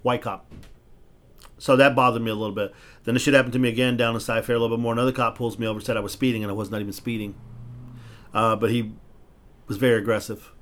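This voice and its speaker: Man, podcast host, rapid, profane, heated storytelling, stumbling restarts. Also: medium pitch, little pitch movement, fairly bright tone. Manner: frequent restarts when worked up. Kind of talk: casual podcast talk.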